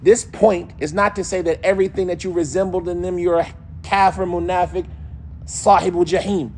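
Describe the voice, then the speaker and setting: Male religious teacher, conversational and animated, playful mimicry, light ambient noise. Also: sits high, normal speed. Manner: casual, animated, mimics accents and voices. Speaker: Islamic teacher. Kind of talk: religious lesson.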